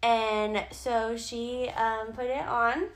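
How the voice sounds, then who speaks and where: A woman's voice: on the high side, flat delivery, drawn-out words. A woman co-hosting a podcast, chatting candidly, swearing freely and laughing often. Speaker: podcast co-host, photographer. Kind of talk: casual chat.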